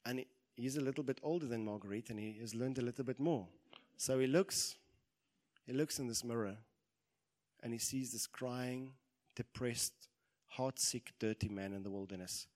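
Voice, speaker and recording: A man in his thirties preaching a sermon, animated, acting out quoted lines and swelling into loud exhortation. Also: medium pitch, moderate pace.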